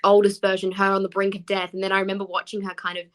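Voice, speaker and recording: A woman in her twenties, a guest actor chatting on a podcast and telling animated stories with frequent laughs. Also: medium pitch, racing. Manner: animated storyteller, laughs often. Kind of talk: casual podcast chat.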